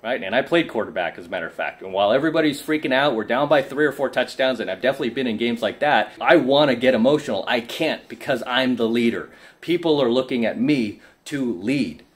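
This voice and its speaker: A man's voice: mid-range voice, lively intonation, fast. A tired man giving an assertive, preachy coaching monologue to camera, often asking "right?". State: tired from lack of sleep. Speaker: self-help coach.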